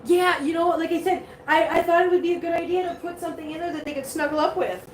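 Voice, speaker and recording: A woman's voice: very high-pitched, fairly even intonation, quick pace. A woman hosting a casual live stream from her home, chatting to viewers about her cats and laughing often. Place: home living room. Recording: roomy home sound with faint background hiss.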